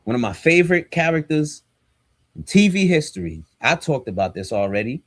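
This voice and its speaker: A man's voice: a little high, very animated, moderate pace, no echo. A man, a pastor and podcast co-host, talking in a casual but preachy, emphatic and slangy way. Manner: emphatic and fired up, slangy and direct.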